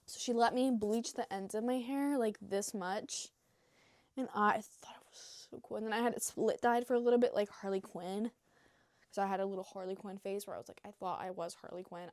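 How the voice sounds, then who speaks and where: A young woman talks straight to camera in a loose, unscripted vlog, rambling and gushing with plenty of filler words and swearing. Her voice sits at a middle pitch for a woman. The sound is close and dry, with no room echo. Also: fairly even intonation, a little fast, darkish tone. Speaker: new vlogger. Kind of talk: casual unscripted vlog chat.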